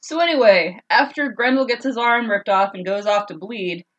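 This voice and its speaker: A woman's voice: medium pitch, moderate pace. Woman, podcast co-host, casual joking storyteller, dull lo-fi sound. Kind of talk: casual chat retelling a story.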